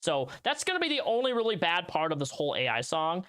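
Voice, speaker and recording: A man's voice: a little high, very animated, quick pace, a bit bright, smooth. A man hosting a livestream, talking casually and rambling, often restarting his sentences. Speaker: livestream host.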